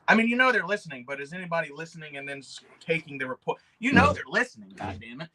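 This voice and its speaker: A man chatting on his livestream in a bright, slightly high voice. He is excitable and rambling, and he swears freely as he talks. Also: quick pace. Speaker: livestream host showing custom figures. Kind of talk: casual livestream chat.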